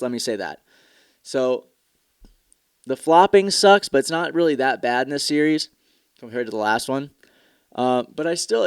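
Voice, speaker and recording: A man's voice: medium pitch, dry recording, clean studio sound. A man hosting his own podcast, talking candidly and profanely in a rambling, casual way, with mock commercial voices thrown in. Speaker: podcast host. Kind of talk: casual solo podcast talk.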